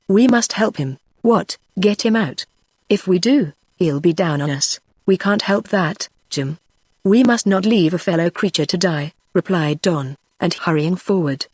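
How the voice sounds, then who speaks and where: A synthetic text-to-speech voice reading a novel aloud as narrator, giving every character the same even delivery. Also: medium pitch, dry recording, clean studio sound. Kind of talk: scripted narration.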